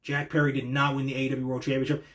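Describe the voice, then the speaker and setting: A young man hosting a podcast, giving an excited, casual reaction monologue that swears freely and acts out quotes in voices. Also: medium pitch, quick pace. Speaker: podcast host reacting to wrestling.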